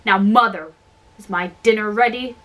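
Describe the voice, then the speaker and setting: A woman's voice: medium pitch, normal speed, fairly bright tone, close to an everyday voice. A woman voicing a strong young male giant who talks firmly and plainly to his father in a storybook reading. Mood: demanding.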